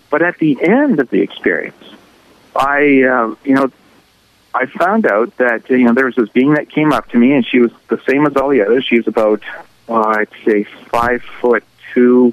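A man's voice: medium pitch, lo-fi sound. Earnest man recounting a personal ordeal. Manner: earnest, halting, emotional recounting. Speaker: radio guest. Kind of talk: personal account in an interview.

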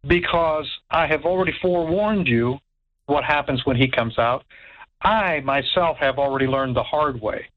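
A man telling a ghost story in an animated way, stammering, repeating words and acting out what others said. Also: fairly high pitch, normal speed, muffled recording. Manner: stammers and repeats words, acts out quoted voices. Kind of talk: animated spoken anecdote.

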